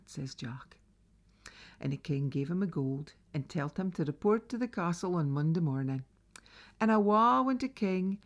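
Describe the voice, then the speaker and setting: A woman with a Northeast Scots accent telling a traditional folk tale, dramatic and dropping to whispers. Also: fairly low pitch. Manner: lively, dramatic, drops to whispers. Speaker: storyteller.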